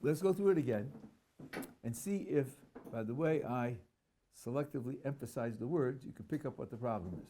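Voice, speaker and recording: A man's voice: medium pitch, expressive, normal speed, dark tone, slight background noise. A rabbi teaching a class, reading a text aloud and analyzing it, stressing words and putting questions to his listeners. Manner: emphatic, acts out the dialogue he reads.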